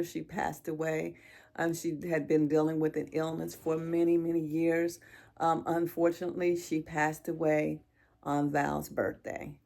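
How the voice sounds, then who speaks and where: A middle-aged woman talks straight to her viewers in a low, gravelly voice. Her speech is heartfelt and halting, with pauses and restarts as emotion catches her. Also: darkish tone. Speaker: vlogger. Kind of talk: heartfelt personal chat to viewers.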